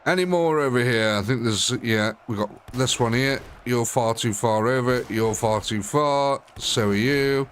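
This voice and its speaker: A man's voice: medium pitch, unhurried, few pauses, slight background noise. A man commentating a live strategy game, chatty and thinking aloud, often talking straight to the units on screen. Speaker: gaming streamer.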